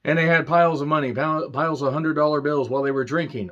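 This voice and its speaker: Male reviewer, sarcastic rambling rant, mid-pitched, on a dull lo-fi recording. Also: normal speed, fairly bright tone. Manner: sarcastic, rambling, profane asides. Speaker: movie reviewer. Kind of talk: casual ranting film review.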